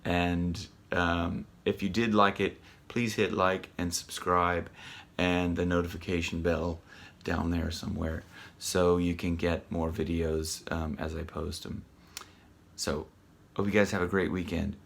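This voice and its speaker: A man teaching a casual singing lesson, chatty and rambling with many ums and restarts, breaking off to sing loud rock lines. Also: low-pitched, flat delivery, measured pace, vocal fry, slight background noise. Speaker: vocal coach.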